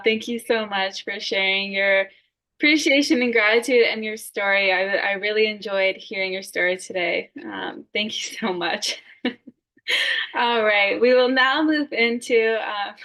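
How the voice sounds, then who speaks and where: Bright-toned woman moderating a meeting. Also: medium pitch. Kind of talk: hosting an online meeting. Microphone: video call.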